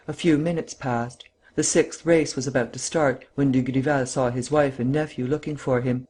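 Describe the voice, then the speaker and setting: Husky guy reading an old novel aloud, steady. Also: mid-range voice. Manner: steady storytelling. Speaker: audiobook narrator. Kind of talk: scripted narration.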